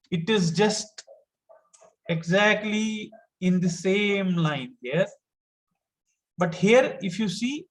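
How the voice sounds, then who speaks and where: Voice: mid-range voice, rough recording. A teacher, giving an online lesson step by step and patiently repeating each point.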